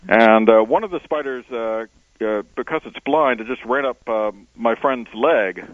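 A man's voice: medium pitch, moderate pace, no echo. Man telling stories over a tinny phone. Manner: relaxed storyteller with frequent uh fillers. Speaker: explorer and author guest. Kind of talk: radio interview over a phone line. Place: on location, not in studio. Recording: dry tinny phone line.

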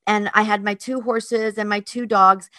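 A woman from North Carolina, a podcast host and dog trainer, telling a heartfelt story in a casual, animated way. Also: medium pitch, normal speed, no room sound, clean studio sound. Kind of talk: casual chat.

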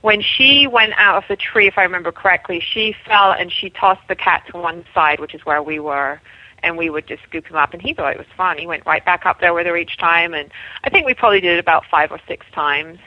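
A woman animal trainer being interviewed on the radio, chatty and quick to laugh. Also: on the low side, no room sound, muffled recording. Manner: laughs easily, chatty, trails off.

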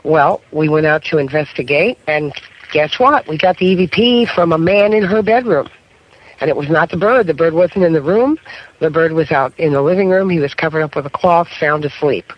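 A man's voice: fairly high pitch, moderate pace. A middle-aged man, a paranormal investigator, tells stories as a guest on a radio talk show and keeps checking in with the listener. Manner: storytelling, keeps checking in with "okay?". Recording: muffled radio broadcast.

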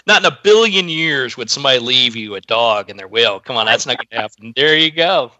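A man's voice: medium pitch, expressive, brisk, bright, forceful tone, dry recording, highs cut off. A man hosting an interview, asking questions in an upbeat, encouraging way. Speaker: host.

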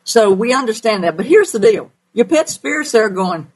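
A woman's voice: fairly high pitch, expressive, normal speed, rough recording. A woman with a Southern accent hosting a call-in radio show as a pet psychic, folksy and emphatic.

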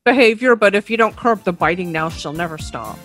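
A woman's voice: mid-range voice, lively intonation, fairly quick, a bit bright, faint music behind. A woman co-hosting a chat about pets, giving matter-of-fact advice about cat behavior. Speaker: co-host, cat behavior expert. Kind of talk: casual interview chat.

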